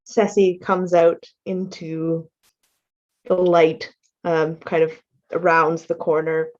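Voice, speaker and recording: A woman playing in a tabletop game, speaking softly and earnestly. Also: on the low side, little pitch movement, slow. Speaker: player. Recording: dull, lo-fi mic.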